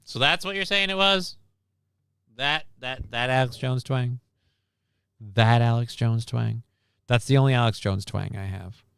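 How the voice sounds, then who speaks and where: A man's voice: medium pitch, measured pace, vocal fry, long pauses, fairly bright tone, smooth, no echo, studio quality. A man hosting a livestream news show in casual chat, rambling, sarcastic and profane.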